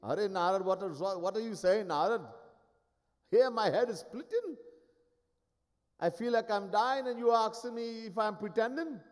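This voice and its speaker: A man's voice: sits high, lively intonation, normal speed, pitched above the performer's own voice. A man voicing a divine man who pretends to be dying of pain, wailing theatrically. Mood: complaining. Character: god as a man feigning agony. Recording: live talk, long hall reverb.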